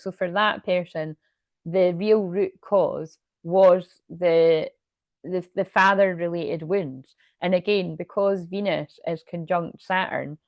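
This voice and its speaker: A woman's voice: lowish voice, dry recording, studio quality. A woman giving a casual, rambling tarot reading, laughing often and restarting sentences. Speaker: tarot and astrology reader.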